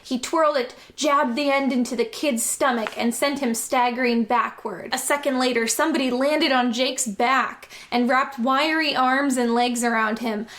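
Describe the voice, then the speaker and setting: A woman's voice: high-pitched, steady tone, moderate pace, few pauses, fairly bright tone. A woman reading a novel aloud and breaking in with sarcastic, amused comments.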